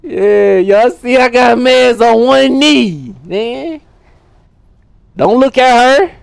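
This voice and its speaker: A man hosting a gaming channel, giving live gameplay commentary full of animated trash talk and loud outbursts. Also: very high-pitched, takes it slowly, gravelly, clear, resonant tone, no echo.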